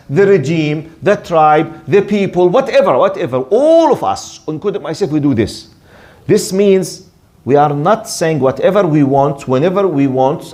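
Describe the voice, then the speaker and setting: A man's voice: fairly high pitch, darkish tone. A man teaching a religious lesson, emphatic and full of rhetorical questions, often repeating his words. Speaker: Islamic teacher. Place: lecture in Canada.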